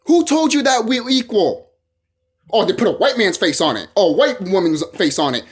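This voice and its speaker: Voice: medium pitch, sing-song, normal speed, a little hiss or hum. A vlogger delivering a heated, profane monologue to camera, often repeating phrases and restarting sentences.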